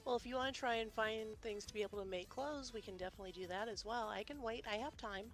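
A woman's voice: fairly high pitch, fast, soft background music. A woman roleplaying in a survival game, speaking in a kind, reassuring way. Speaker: fellow roleplayer. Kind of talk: in-character roleplay chat.

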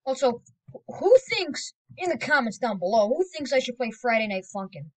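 Rambling, excitable woman gamer. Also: fairly high pitch, a little fast, poor audio. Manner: rambling and excitable, with sudden loud exclamations. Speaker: gaming video creator. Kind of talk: casual gameplay commentary.

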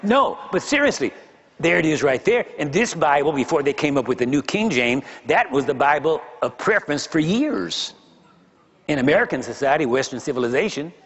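A man's voice: on the high side, a bit bright. Older male pastor, conversational sermon, rhetorical questions, long hall echo, muffled recording. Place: large church hall.

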